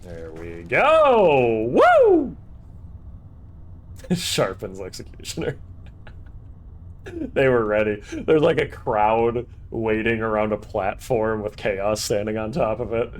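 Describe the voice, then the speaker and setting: A man's voice: on the low side, animated, unhurried. A man streaming a horror game, joking casually and reading in-game text aloud as he plays. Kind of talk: casual let's-play commentary. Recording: game music behind voice.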